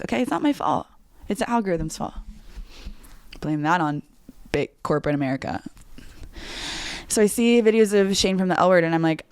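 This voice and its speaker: A woman's voice: sits low, clear, resonant tone, no echo, studio quality. A woman in her twenties hosting a podcast, chatting casually in a giggly, rambling, self-mocking way. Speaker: podcast host. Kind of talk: casual chat.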